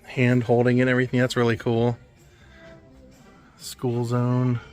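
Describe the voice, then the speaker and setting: A man vlogging as he walks through an indoor antique mall, making relaxed offhand remarks and chuckling at the finds. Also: mid-range voice, a little slow, smooth, soft background music. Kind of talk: casual walkthrough commentary.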